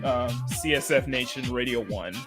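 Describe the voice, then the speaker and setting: The host of a casual livestream chat, talking in an animated way and often laughing. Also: medium pitch, moderate pace, over loud music. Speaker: stream host.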